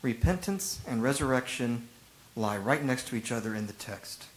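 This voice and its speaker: A man preaching a sermon as a pastor, retelling stories with lively emphasis and acted-out quotes. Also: medium pitch, normal speed, slight background noise, poor audio. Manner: animated storytelling, acting out rhetorical quotes.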